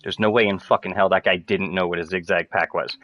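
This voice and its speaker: A man ranting casually to viewers, rambling, swearing and turning loud and emphatic. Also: deep voice, steady tone, brisk, dry recording, lo-fi sound. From Canada. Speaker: streamer.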